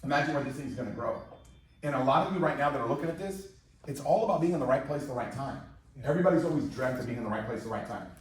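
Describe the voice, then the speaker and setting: A man in his fifties giving an energetic, repetitive motivational sales presentation to a live audience in a large room, rallying the crowd. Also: mid-range voice, racing. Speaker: company presenter. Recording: very echoey hall, mic far off.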